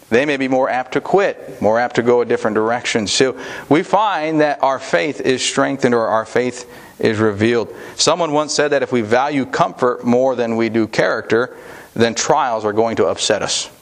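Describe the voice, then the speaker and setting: A man preaching a sermon in a conversational way, with asides and restarts. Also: mid-range voice. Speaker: pastor.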